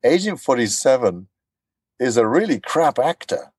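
A man being interviewed as a voice actor, telling animated stories and acting out quotes. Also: medium pitch, normal speed, breathy edge, no room sound. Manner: animated storyteller, acts out quotes. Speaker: voice actor guest. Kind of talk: casual interview chat.

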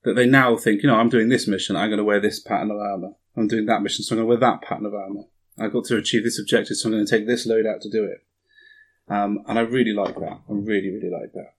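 A man's voice: on the low side, steady tone, quick pace. A man casually chatting about a tabletop wargame, eager and often repeating himself.

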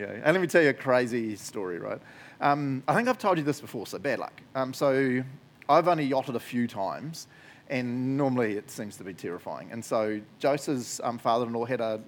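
A man with a New Zealand accent preaching a sermon in church, casual and chatty, often adding "eh" and laughing easily. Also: mid-range voice. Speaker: pastor.

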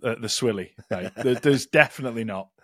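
A man's voice: medium pitch, fairly quick, breathy edge, no echo, clean studio sound. A British man co-hosting a podcast, chatting casually with blunt, sweary banter. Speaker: podcast co-host. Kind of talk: casual chat.

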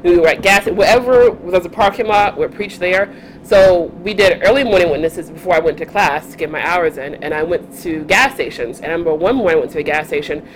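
A young woman telling stories in a casual chat, animated, often laughing and acting out the voices of the people she quotes. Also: fairly low pitch, low-quality recording. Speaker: podcast guest. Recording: faint background noise.

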